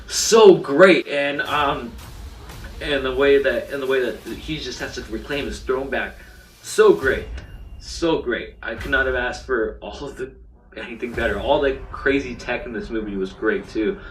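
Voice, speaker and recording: A man's voice: medium pitch, fairly even intonation, moderate pace, a bit bright, far from the mic, slight background noise. A young man giving a casual, enthusiastic film review, rambling with lots of fillers and restarts. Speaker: movie reviewer. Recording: roomy, off-mic sound with faint music.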